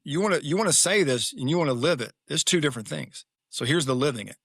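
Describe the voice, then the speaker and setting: A man's voice: a little high, lively intonation, fast talker, gravelly, fairly bright tone, slightly rough, no room sound, clean studio sound. A middle-aged man, a guest author on a podcast, telling a personal story candidly and emphatically, with frequent restarts.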